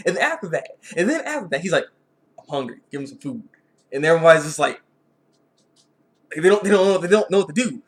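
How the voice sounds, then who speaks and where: A man with a slightly high voice talks through a casual video review. He rambles, repeats himself and restarts his sentences often. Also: animated, fast, long pauses. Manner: rambling, repetitive, frequent restarts.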